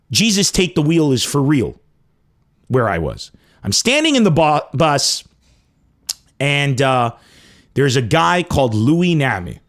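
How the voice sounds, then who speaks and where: A man from Lebanon telling a crude comic story with animated, profane emphasis. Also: on the high side. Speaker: comedian host. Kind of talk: comedic storytelling.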